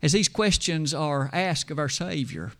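A man's voice: fairly high pitch, measured pace, fairly bright tone. A man preaching a sermon, telling a scene in dramatic storytelling style and reciting scripture.

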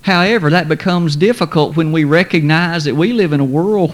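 A man preaching a sermon, speaking in a measured, formal way and slowing down to stress quoted scripture. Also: a little high. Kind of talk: sermon lesson.

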